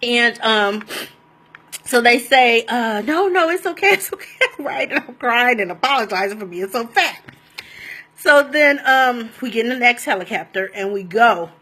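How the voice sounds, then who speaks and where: A woman telling a personal story in a casual, animated and rambling way, often laughing as she goes. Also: a little high, measured pace.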